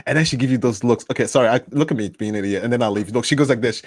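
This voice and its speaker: A man hosting a podcast in casual chat, animated and playful, jumping into high squeals when he acts things out. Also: racing, no echo. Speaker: podcast host.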